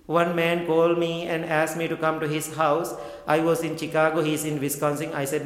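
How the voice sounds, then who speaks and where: Monk teaching in an echoey hall. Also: male voice, on the high side, completely flat delivery, moderate pace. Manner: gentle, plain phrasing with questions to the audience. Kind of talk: dharma talk.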